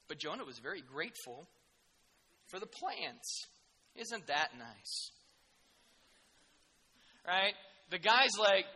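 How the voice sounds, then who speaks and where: High, bright-voiced preacher in an echoing hall. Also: male voice, unhurried, long pauses. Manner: animated, jokey and sarcastic, with sudden emphatic outbursts. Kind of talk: sermon.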